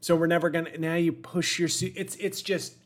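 A man's voice: fairly high pitch, little pitch movement, brisk. A man in his forties hosting a comedic solo podcast, rambling and self-deprecating, with wry asides to his listeners. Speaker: podcast host.

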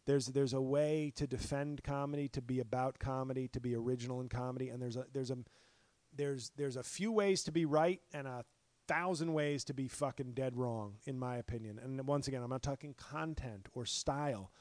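A middle-aged male comedian with a hoarse, worn voice, talking in a profane, passionate solo podcast rant full of restarts. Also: medium pitch, steady tone, normal speed, darkish tone, no room sound. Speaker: stand-up comedian and podcast host. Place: apartment.

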